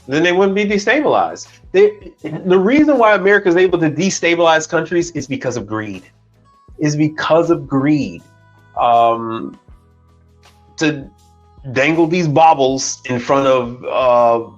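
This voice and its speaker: Man, livestream host, blunt, swears a lot, slow and lively pitch, dull lo-fi audio with faint music. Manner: blunt, profane, animated. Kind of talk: casual livestream chat. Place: Houston, Texas.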